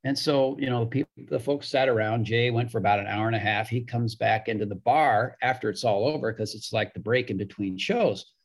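A man's voice: mid-range voice, brisk, hardly any pauses. A middle-aged man, a hockey broadcaster, telling anecdotes in a podcast interview and acting out the people he quotes. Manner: chatty anecdotal storyteller, acts out quoted voices.

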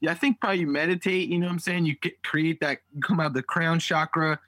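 Slangy man bantering, slightly high voice. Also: fairly even intonation, fast, fairly bright tone, no echo. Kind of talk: casual podcast chat.

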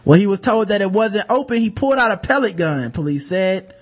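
A man's voice: high-pitched, big pitch swings, fairly quick. A man hosting a podcast, reading news stories aloud in casual chat, joking and profane, laughing as he reads. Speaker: podcast host.

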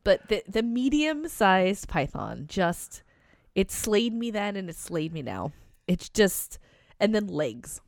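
A woman co-hosting a podcast in casual comedic chat, playful and quick to laugh. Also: mid-range voice, very animated, creaky, dry recording, clean studio sound. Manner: playful, laughs often, spins mock stories. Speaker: podcast co-host.

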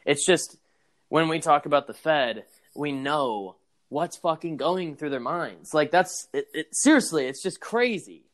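A man co-hosts a wrestling podcast, chatting casually in a blunt, cynical way, swearing now and then and laughing along. His voice is a little high and a bit bright, with lively intonation and an unhurried pace.

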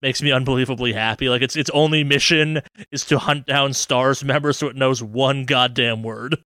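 A man's voice: mid-range voice, fairly even intonation, normal speed, bright, forceful tone, no room sound. A man co-hosting a casual gaming news podcast, talking with rambling enthusiasm and swearing freely. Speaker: podcast co-host.

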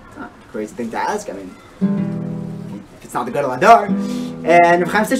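A rabbi delivers his weekly Torah talk as a storytelling sermon, sprinkling in Yiddish and Hebrew words. His voice sits on the high side with big swings in pitch and a fairly quick pace. He's recorded from a distance over loud guitar music.

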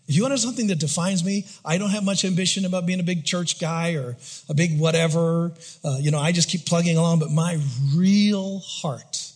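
A male pastor preaching a sermon, building up with intensity and then dropping to a hushed whisper for emphasis. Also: on the high side, fast.

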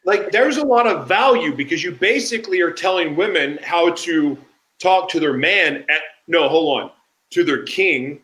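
A man's voice: a little high, lively intonation, normal speed, a bit bright. A man hosting a podcast interview, talking in an effusive, emphatic way. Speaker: podcast host. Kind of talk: conversational interview. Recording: echoey room.

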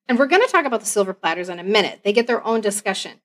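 A woman's voice: medium pitch, big pitch swings, rapid-fire, a bit bright. A middle-aged woman co-hosting a podcast in casual chat, emphatic and playful with punchy asides. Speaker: podcast co-host.

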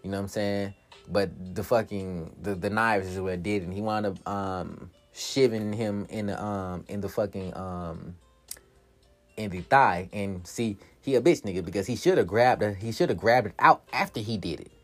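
A man recapping an action movie in a casual, profane monologue. He laughs often, acts out the characters' lines, and jumps up high when he gets excited. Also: normal speed, faint music behind.

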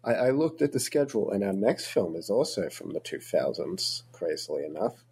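Husky, low-voiced man on a podcast. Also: big pitch swings, normal speed, darkish tone. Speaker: podcast co-host. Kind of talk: casual chat.

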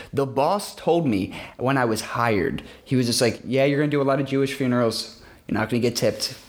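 A man's voice: medium pitch, a bit bright. A young man co-hosting a podcast, telling a story in a rambling way, often repeating himself. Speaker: podcast co-host. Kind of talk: casual chat, storytelling.

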